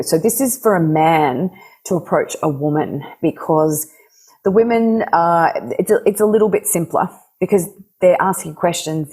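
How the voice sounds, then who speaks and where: Low husky-voiced woman coach. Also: rough recording. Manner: animated, laughs often, acts out quoted dialogue. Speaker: relationship coach. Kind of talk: podcast conversation.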